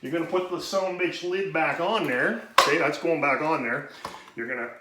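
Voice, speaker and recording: A man's voice: on the high side, brisk. A man hosting a home brewing video, giving a casual how-to demonstration in a rambling, profane way and talking himself out of breath. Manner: rambling, profane, self-interrupting. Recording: roomy echoey room, faint noise.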